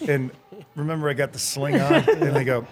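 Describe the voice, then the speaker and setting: Animated storytelling man, acts out dialogue. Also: medium pitch, brisk, faint music behind. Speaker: former hockey player telling stories. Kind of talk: casual storytelling chat.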